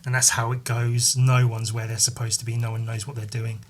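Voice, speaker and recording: A man hosting a solo podcast, rambling in casual chat, swearing freely and filling pauses with "like" and "um". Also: medium pitch, little pitch movement, a little hiss or hum. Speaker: podcast host.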